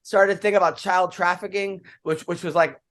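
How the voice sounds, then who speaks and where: A man's voice: sits high, steady tone, normal speed, fairly bright tone. A man co-hosting a podcast, telling stories in rambling casual chat, full of "like". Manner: rambling storyteller, many "like" fillers. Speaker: podcast co-host.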